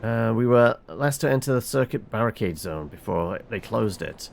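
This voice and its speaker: A man reads through a game's dialogue himself, voicing each character with lots of ups and downs in his pitch. He stumbles now and then with fillers and restarts. A faint hiss sits under the voice. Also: lively intonation, moderate pace, gravelly. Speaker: game reviewer reading dialogue. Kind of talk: reading game dialogue aloud.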